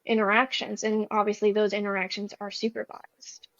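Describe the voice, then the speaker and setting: A woman's voice: mid-range voice, level tone, moderate pace, no echo. A young woman talking as a guest, sharing a personal story in an earnest, rambling way. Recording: slightly dull recording.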